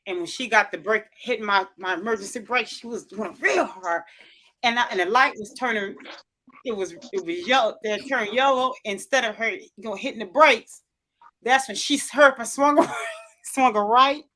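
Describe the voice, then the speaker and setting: A woman with a voice on the high side and a sharp tone speaks at normal speed in casual livestream chat. She tells a rambling story, restarting sentences often and voicing what others said.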